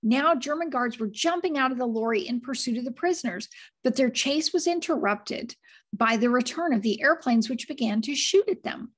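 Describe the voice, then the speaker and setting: A woman with a husky, slightly high voice reads a chapter book aloud to children in an easy storytelling way. She stops often to chat with the kids, explain words and hold up pictures. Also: lively intonation, normal speed. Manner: chatty, breaks off to explain and show pictures. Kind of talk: read-aloud storytelling with asides to listeners.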